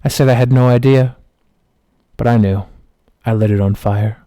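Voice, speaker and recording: A man streaming who tells a comic story with mock-dramatic, slow deadpan delivery. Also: mid-range voice, no echo.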